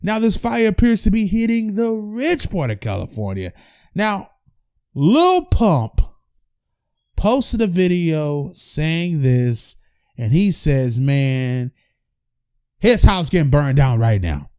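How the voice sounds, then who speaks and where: A man hosts a fan-run news commentary show, his fairly high voice bouncing lively up and down as he chats straight to viewers. The sound is dry and close, with no room around it. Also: slow pace, smooth, dry recording. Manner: animated, chatty, addresses fans directly.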